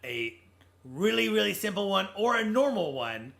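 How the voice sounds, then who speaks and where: A high, bright male voice that talks in a loose, rambling way. He thinks aloud about comedy and movies and often restarts in the middle of a sentence. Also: very animated, normal speed, gravelly. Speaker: podcast co-host. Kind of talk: casual movie discussion.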